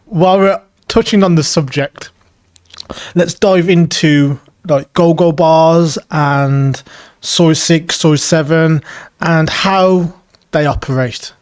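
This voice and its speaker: A man's voice: fairly high pitch, slow, no echo, clean studio sound. A man hosting a podcast, thanking his guest and steering to the next topic. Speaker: podcast host. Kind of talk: casual interview.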